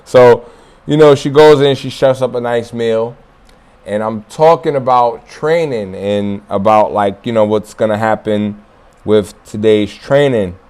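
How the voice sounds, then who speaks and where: A man's voice: medium pitch, a little slow, a little mellow, clear, resonant tone. A man hosting his own martial arts channel, talking loosely and profanely to viewers, chuckling and repeating points for emphasis. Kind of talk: casual solo monologue to viewers.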